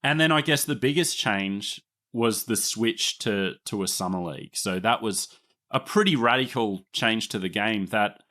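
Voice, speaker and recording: Aussie guy hosting a podcast, lowish voice, chatty explainer. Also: moderate pace, bright, forceful tone. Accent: Australian. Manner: explanatory, chatty, laughs easily. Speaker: podcast host. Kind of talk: casual history podcast narration.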